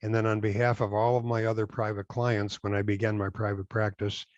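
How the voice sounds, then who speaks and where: Halting, deep-voiced older man. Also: level tone, dry recording, highs cut off. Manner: measured, halting with frequent fillers and restarts. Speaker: direct selling compliance consultant. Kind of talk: interview answers.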